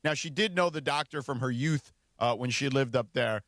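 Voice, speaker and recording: A man's voice: mid-range voice, normal speed, fairly bright tone, no echo, studio quality. A man co-hosting a radio show in casual, conversational chat. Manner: conversational, with fillers. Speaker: radio co-host.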